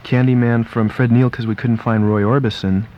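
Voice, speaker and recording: A man hosting a casual radio interview as disc jockey, chatty and quick with fillers and restarts, in a radio studio. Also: mid-range voice, level tone, a little hiss or hum. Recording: dull lo-fi archival radio tape.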